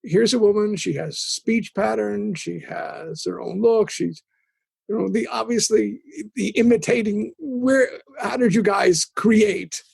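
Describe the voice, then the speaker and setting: A man hosting an interview, asking long, halting questions that search for the right words. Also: high voice, creaky, a little mellow, breathy edge, dry recording. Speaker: interviewer, host.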